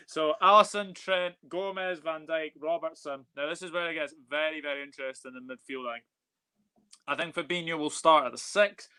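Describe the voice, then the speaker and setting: A man's voice: on the high side, steady tone, moderate pace, pushed and bright, smooth. A man hosting a casual football live stream, upbeat and chatty as he reads out viewer comments. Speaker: football channel host.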